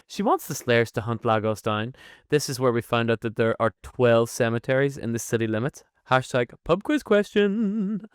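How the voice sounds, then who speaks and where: Animated man, smooth dry voice. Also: medium pitch, moderate pace, no echo. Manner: animated, swears freely, laughs often. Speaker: podcast co-host. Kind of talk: casual chat.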